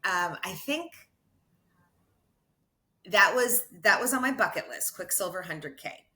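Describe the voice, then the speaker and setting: Bright-voiced woman telling a running story. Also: mid-range voice. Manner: animated, quick to laugh, self-correcting restarts. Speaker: podcast guest, ultra runner. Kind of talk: casual storytelling interview.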